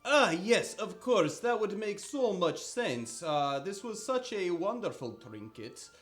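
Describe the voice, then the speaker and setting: A greedy merchant gushes and sweet-talks in a voice pushed well above its natural pitch, as a man puts him on. He sounds eager to close the sale, with faint music playing behind him. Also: big pitch swings, slow, a bit bright, exaggerated voice. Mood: gushing. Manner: gushing, salesman's sweet talk. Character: fawning greedy male merchant, eager to sell.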